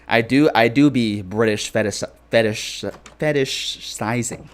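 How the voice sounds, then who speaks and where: Brief: a young male streamer with a mid-pitched voice, casual and rambling, joking while he reads chat. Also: unhurried.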